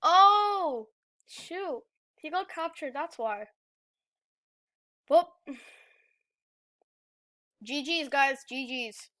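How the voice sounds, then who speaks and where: A woman giving live gameplay commentary, excitable, yelling and groaning at the game as she plays. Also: high-pitched, very slow, pauses often. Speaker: gamer.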